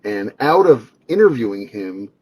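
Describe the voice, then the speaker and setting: A man's voice: on the low side, big pitch swings, a little slow, darkish tone, husky, rough recording. A man, a singer-songwriter and radio host, speaking a conversational, reflective tribute with fillers. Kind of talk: spoken tribute.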